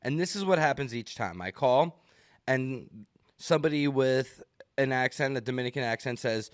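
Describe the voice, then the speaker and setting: A man's voice: medium pitch, normal speed, no echo. Male co-host, mid voice, self-deprecating storyteller, dry sound. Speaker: podcast co-host. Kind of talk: casual chat.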